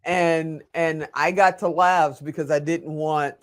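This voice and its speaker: A man's voice: on the high side, steady tone, takes it slowly. A man hosting a casual video interview, chatty and asking long, rambling questions. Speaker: interview host.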